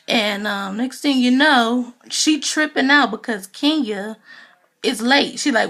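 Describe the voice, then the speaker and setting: A woman's voice: fairly high pitch, slow, fairly bright tone. A woman giving a casual, gossipy recap of a reality TV episode, talking loosely with lots of "you know" fillers. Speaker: TV show reviewer.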